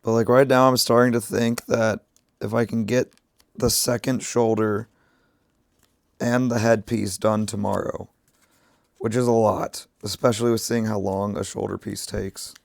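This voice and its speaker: A man with a sick voice, chatting casually to his livestream while he crafts and thinks out loud. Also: on the low side, level tone, measured pace, gravelly, no echo, clean studio sound. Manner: rambling, thinking aloud while working. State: sick, rough voice. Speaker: streamer.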